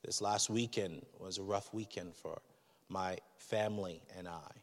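Male pastor, candid conversational sermon, low register, hall reverb. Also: steady tone, a little slow.

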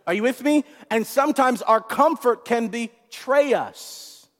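A man preaching a sermon in an animated way, repeating words and asking the congregation questions. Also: very high-pitched, unhurried. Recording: long hall reverb.

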